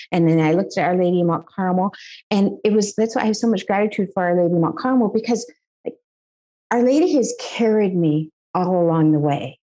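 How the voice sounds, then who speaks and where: A woman's voice: mid-range voice, warm tone. Middle-aged American woman, interview guest, emotional testimony, earnest delivery. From United States. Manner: earnest, emotional storytelling with laughs. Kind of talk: personal faith testimony.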